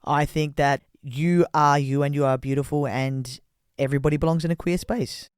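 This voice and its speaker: A man's voice: a little high, steady tone, normal speed, smooth, no room sound, clean studio sound. A man in his thirties co-hosting a casual podcast, speaking frankly and agreeably. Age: 30s. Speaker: podcast co-host.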